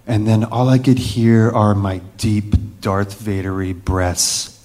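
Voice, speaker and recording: A man telling a personal story vividly, with dramatic pauses and hushed moments. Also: on the low side, little pitch movement.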